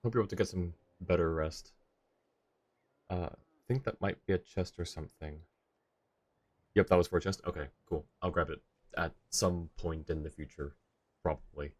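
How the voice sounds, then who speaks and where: Deep-voiced tired man streaming a game. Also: moderate pace, long pauses. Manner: laid-back, chuckling asides, thinking out loud. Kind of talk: casual gameplay commentary.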